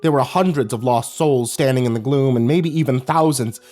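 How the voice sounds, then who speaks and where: A man's voice: medium pitch, brisk. A man narrating a horror story in a dramatic, scripted style. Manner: dramatic, lively delivery.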